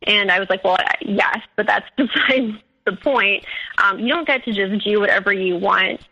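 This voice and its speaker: A woman's voice: mid-range voice, moderate pace, bright, forceful tone, husky. A woman telling her own story in casual conversation, acting out both sides of the arguments she quotes. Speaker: guest sharing her story. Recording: lo-fi call audio.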